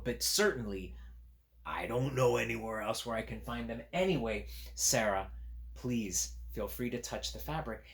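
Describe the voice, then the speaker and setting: A man reading a picture book aloud to young children, chatting gently about the pictures between pages. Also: mid-range voice. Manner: animated, gentle, talks to young listeners. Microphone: camera on a tripod.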